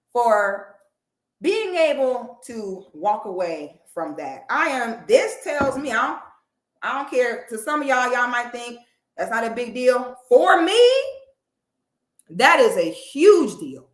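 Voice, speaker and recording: A woman with a sharp, bright voice sits before the camera and vents, emphatic and loaded with profanity. Her speech keeps climbing in intensity. The sound carries a noticeable room echo. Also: a little high, very animated, takes it slowly. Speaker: online commentator. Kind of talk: heated talk to camera.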